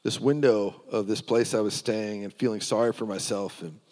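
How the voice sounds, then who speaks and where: A man's voice: lowish voice, fairly even intonation, moderate pace, darkish tone, in a large hall. A man preaching, telling his personal testimony in an earnest storytelling way.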